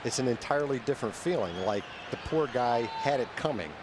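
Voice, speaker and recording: A man's voice: medium pitch, animated, a little fast. A man giving color commentary on a baseball broadcast, earnest and explanatory. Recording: very loud crowd and noise behind. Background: ballpark crowd.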